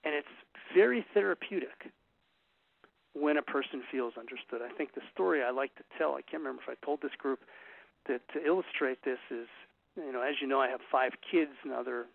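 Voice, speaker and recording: A middle-aged man with a creaky, medium-pitched voice speaks earnestly and emphatically to a group about relationships, weaving in stories. There is no echo, but the recording has a tinny, phone-like radio sound.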